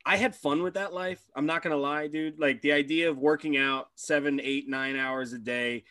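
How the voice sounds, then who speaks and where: A man co-hosting a podcast and telling animated, profane stories about his hockey days. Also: fairly high pitch, moderate pace, dry recording. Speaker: podcast co-host, former hockey player. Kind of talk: casual podcast chat.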